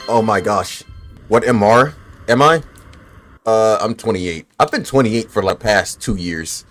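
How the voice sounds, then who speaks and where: A man in his twenties with a lowish voice gives laid-back, swear-heavy commentary while he plays a game. He chats loosely with his viewers between fights and is bothered by the hiccups. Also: measured pace, a bit bright, soft background music. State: has the hiccups. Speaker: gaming streamer. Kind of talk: casual gameplay commentary.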